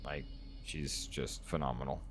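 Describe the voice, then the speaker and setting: A deep-voiced man in his thirties streaming a game and talking to his chat. He is earnest and openly emotional, rambling through his thoughts, with faint music playing behind him. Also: steady tone, unhurried. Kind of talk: casual live-stream chat.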